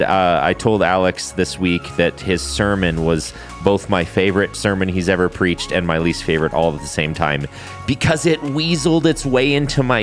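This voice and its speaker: A man co-hosting a church podcast, opening the episode and chatting in an upbeat, joking way. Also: low voice. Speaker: podcast co-host. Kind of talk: casual chat.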